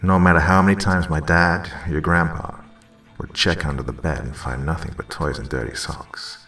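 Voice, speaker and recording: A man voicing a calm, gentle father soothing his son in a horror story reading. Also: a bass voice, moderate pace, echoey room, distant mic, faint music behind. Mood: reassuring. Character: calm reassuring young father.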